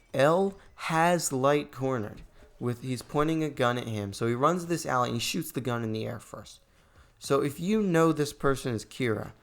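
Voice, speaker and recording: A man's voice: medium pitch, a bit bright, clean tone. Exasperated young man ranting about a movie. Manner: exasperated, sarcastic, voice spikes when annoyed. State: hoarse from ranting. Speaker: gaming channel host reviewing a movie.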